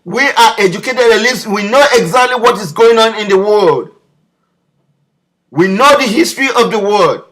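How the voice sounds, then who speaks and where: Impassioned high-voiced man. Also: expressive, normal speed, long pauses, a bit bright. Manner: impassioned, repetitive rhetorical questions. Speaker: political commentator. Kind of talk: direct-to-camera political video message.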